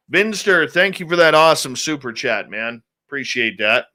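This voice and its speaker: A male show host talking in an unhurried, easy drawl while he chats with viewers before the show. His voice is bright and forceful, and he greets people by name and mutters little asides to himself. His pitch sits at an ordinary middle range for a man. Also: expressive. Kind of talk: casual pre-show chat with live viewers.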